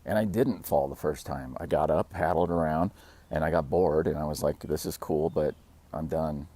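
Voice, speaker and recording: A man's voice: sits low, warm tone, no room sound. A man hosting his own channel, talking casually and rambling, laughing at himself and acting out quotes. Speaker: fitness channel host. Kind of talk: casual talking-to-camera vlog.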